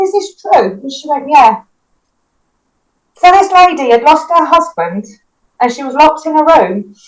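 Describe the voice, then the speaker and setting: A woman's voice: on the high side, poor audio. A woman, a paramedic, recounting a personal experience in an interview with vivid, emotional retelling and quoted dialogue. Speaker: paramedic guest. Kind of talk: personal storytelling in a podcast interview.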